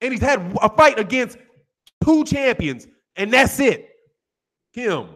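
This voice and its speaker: A man's voice: extremely high pitch, sing-song, takes it slowly, a bit bright. A man hosting a boxing channel, ranting in a brash, profane, trash-talking monologue.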